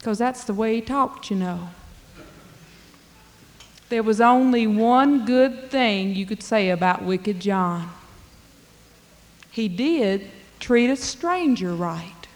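A woman's voice: mid-range voice, lively intonation, takes it slowly, pauses often. A woman telling a folk tale in a drawling, dialect-rich way. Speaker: storyteller. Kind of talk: folk storytelling performance. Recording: long hall reverb.

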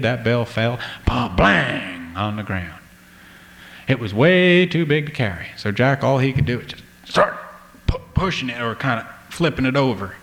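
A man's voice: medium pitch, creaky, fairly bright tone. Folksy man telling a tale. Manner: folksy, drawling, addresses listener. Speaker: storyteller. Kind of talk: folk tale storytelling.

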